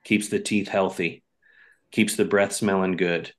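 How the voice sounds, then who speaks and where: A man's voice: deep voice, fairly even intonation, a little slow. A man who drums in a band, answering podcast questions in a laid-back, hesitant way with lots of fillers. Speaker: drummer, podcast guest. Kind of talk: casual interview answers. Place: Hudson Valley, New York area home.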